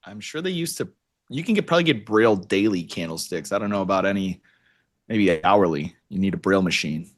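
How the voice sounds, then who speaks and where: Deep-voiced joking Chicago man. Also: animated, brisk. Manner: joking, easygoing banter while trading. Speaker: co-host, futures trader. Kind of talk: casual live-stream chat.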